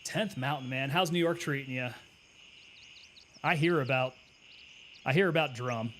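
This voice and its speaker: A man's voice: mid-range voice, a little slow, a bit bright, a little hiss or hum. A man streaming a military shooter game, thinking aloud in a casual chat and answering viewers' questions. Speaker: gaming streamer and Army veteran. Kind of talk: casual live gameplay commentary.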